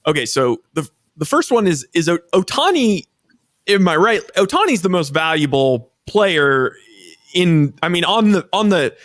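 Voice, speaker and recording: Casting note: male co-host, very expressive pitch swings, dry close sound, easy laugh. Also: moderate pace, no echo. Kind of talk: casual sports chat.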